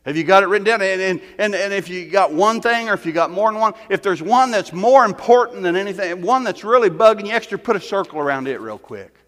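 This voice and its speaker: High-voiced man preaching in a reverberant hall. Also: expressive, quick pace, hardly any pauses. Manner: swings between quiet teaching and loud fervent exhorting. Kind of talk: sermon. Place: church.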